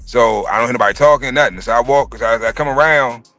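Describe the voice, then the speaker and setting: A man in his thirties telling a personal story in casual chat, profane and animated. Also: mid-range voice, fast talker, dry recording. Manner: profane, animated storytelling, acts out quoted voices.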